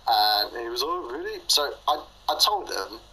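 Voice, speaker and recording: A man's voice: mid-range voice, measured pace, bright, forceful tone, slightly rough, rough recording. A young man telling a story in casual chat, rambling with lots of fillers and frequent laughs.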